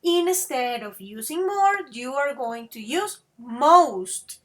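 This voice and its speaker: A woman's voice: sits high, animated, slow pace. A woman teaching an online English grammar lesson, patient and affectionate, calling students babies and dears and switching into to explain.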